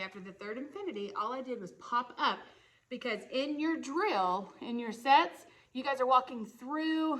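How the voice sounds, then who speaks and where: High-voiced woman counting flag moves. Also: bright, forceful tone, far from the mic. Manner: counts beats aloud and checks in with "okay?" and "right?"; demonstrating moves while talking. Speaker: color guard instructor. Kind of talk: counting and explaining flag choreography. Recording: echoey space, voice from off-mic.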